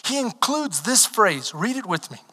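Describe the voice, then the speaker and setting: High bright-voiced preacher man. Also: a little slow, breathy edge. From Texas. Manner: animated storytelling, rising to shouted exhortation. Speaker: pastor. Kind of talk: sermon. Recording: long hall reverb.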